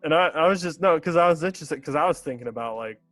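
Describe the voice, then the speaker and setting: Guest: young man, halting and casual, laughs easily, dry close mic. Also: a little high, animated, a bit bright, no echo, soft background music. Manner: hesitant, many fillers and restarts, laughs often. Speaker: podcast guest. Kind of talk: casual chat.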